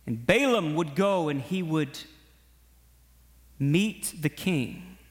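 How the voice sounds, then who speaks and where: A male preacher delivers an animated sermon in a high voice, mixing storytelling with urgent exhortation. A long reverb from a large hall hangs behind every line. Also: slow. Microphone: broadcast to online viewers.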